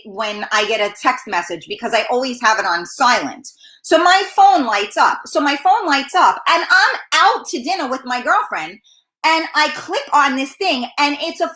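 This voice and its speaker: A woman's voice: sits high, sharp tone. A woman hosting a talk show, ranting bluntly and profanely in a casual monologue. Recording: roomy echo.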